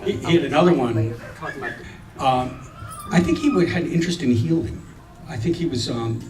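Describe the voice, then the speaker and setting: Man, hesitant storyteller, wry, many fillers, mid pitch, far from mic, echoey room. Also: darkish tone. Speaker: storyteller at a gathering of friends. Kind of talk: casual anecdote telling. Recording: echoey room, recorded from a distance.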